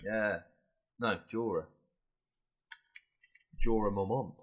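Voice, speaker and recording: A man's voice: lowish voice, steady tone, slow. A British man co-hosting a casual chat, talking easily, laughing often and swearing playfully. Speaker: podcast co-host.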